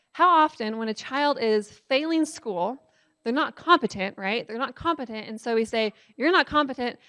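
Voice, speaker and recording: A woman's voice: a little high, fairly bright tone. Chatty woman giving a lecture. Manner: conversational, asks the audience "right?"; frequent "um" fillers. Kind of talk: public lecture.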